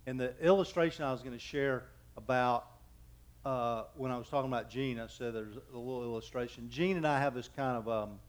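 A man in his fifties preaching a sermon as pastor, telling folksy, joking anecdotes and often stopping to restart his sentences. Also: mid-range voice. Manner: halting, with frequent restarts.

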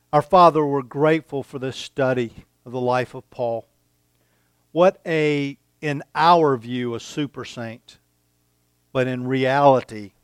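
A male pastor delivers a sermon at an unhurried, deliberate pace, letting phrases land with pauses between them. His voice sits at an ordinary pitch and sounds close and dry, with little room around it. He reads scripture aloud and breaks off to explain it to his congregation. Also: clean tone, no echo. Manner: slow, deliberate preaching with dramatic pauses, reading scripture aloud.

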